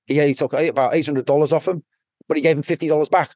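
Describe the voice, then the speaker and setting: A man's voice: on the high side, fairly even intonation, very fast, a little mellow, no echo, clean studio sound. A man with a Liverpool accent, a podcast guest telling his story bluntly, rambling and swearing constantly. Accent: Liverpool (Scouse). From Liverpool, England. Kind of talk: casual storytelling.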